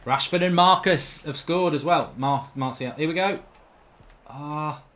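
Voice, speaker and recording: A man commentating on his own football video game in a chatty, rambling way, erupting into loud shouts when a goal goes in. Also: fairly high pitch, a little slow. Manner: excitable, bursts into loud shouting over goals. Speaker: gaming commentator.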